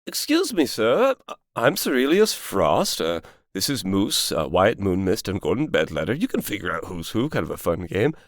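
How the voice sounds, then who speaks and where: A man voicing a polite, fussy male warden who speaks formally, with halting starts. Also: on the low side, wildly swooping pitch, no room sound, clean studio sound, voice pushed down.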